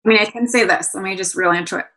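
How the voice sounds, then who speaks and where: A woman in her thirties, a guest speaking earnestly and emotionally, halting often with fillers and restarts. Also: medium pitch, a bit bright. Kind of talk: candid conversational interview.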